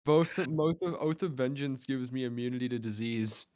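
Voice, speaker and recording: A man's voice: medium pitch, moderate pace. Brief: keen male player who stammers, casual. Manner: eager, stammers when excited. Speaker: tabletop game player. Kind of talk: casual chat over voice call.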